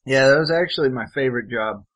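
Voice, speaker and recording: A man's voice: medium pitch, fast, a bit bright. A man making crude joking asides in casual chat as a co-host.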